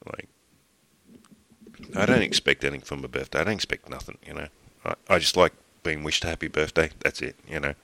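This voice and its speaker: A middle-aged Australian man with a remarkably deep, low voice hosts a casual podcast. He wanders through his story with false starts and the odd swear word. The sound is dry, with no room echo. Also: creaky, bright, forceful tone. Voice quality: rambling, talks in halting restarts, swears casually. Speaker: podcast host.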